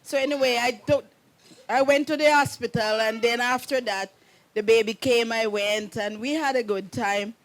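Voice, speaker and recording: High-voiced mother, rambling fondly. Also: steady tone, moderate pace. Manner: meandering, keeps saying "anyways", laughs often. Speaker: groom's mother giving a wedding message. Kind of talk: rambling personal storytelling.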